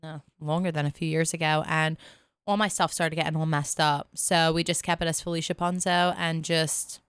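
A young woman with a stuffed-up nose, chatting as a podcast guest in a giggly, lively way. Her voice is on the low side and smooth, and it is recorded dry and close. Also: normal speed, no echo. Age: young adult. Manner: giggly, animated storyteller. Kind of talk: casual chat.

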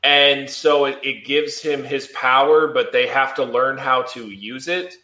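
Rambling man with a bright voice. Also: medium pitch, measured pace, echoey room. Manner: rambling, many fillers and "like". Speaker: podcast co-host. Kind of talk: casual chat.

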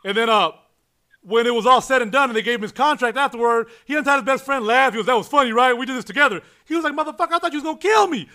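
A man hosting a casual podcast, swearing freely and telling stories with excitement. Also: extremely high pitch, fast, clear, resonant tone. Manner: profane, excitable storyteller. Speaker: podcast host.

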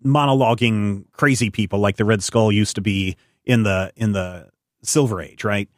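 A man co-hosts a casual comic review chat. He talks in a rambling, animated way and often circles back to correct himself. His voice sits close to the mic with no room sound. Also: lowish voice, normal speed, no echo. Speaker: podcast co-host.

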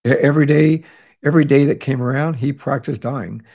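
A male podcast host talking in an easy, conversational way, full of little fillers and restarts. He sounds a bit tired and keeps a middle-range pitch. It is a relaxed chat with a co-host. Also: a little fast, gravelly. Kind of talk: casual chat recapping episodes.

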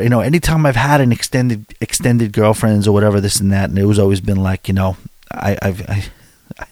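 A man's voice: mid-range voice, dry recording, clean studio sound. A man in his forties, chatting casually and telling rambling, self-deprecating stories with many restarts. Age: 40s. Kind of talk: casual chat.

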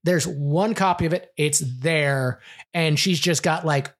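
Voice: medium pitch, fairly even intonation, a little slow. Wisecracking panelist, everyday mid voice. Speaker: podcast panelist. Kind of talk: casual podcast chat.

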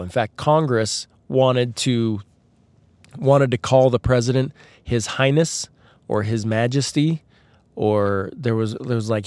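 A man hosting a podcast, telling a rambling comedic story with sarcastic asides, his voice a little husky from a tickle in his throat. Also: mid-range voice, a little mellow, no echo. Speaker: podcast host. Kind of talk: casual comedic storytelling monologue.

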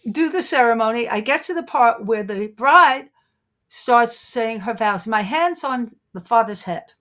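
An older woman from Brooklyn with a New York accent, a guest telling her stories with animated flair and frequent laughter. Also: a little high, measured pace. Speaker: guest, psychic detective. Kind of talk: animated storytelling in conversation.

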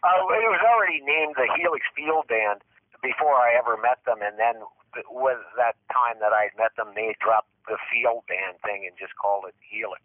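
A man, a guest musician, telling long rambling stories in an interview, animated and repeating himself. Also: mid-range voice, moderate pace, no echo. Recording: tinny phone line, dry.

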